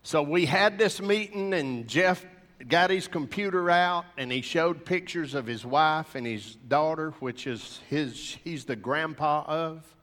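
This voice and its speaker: A man, an earnest preacher telling a personal testimony to a gathering of men in animated storytelling fashion. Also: a little high, a little slow, big-room sound.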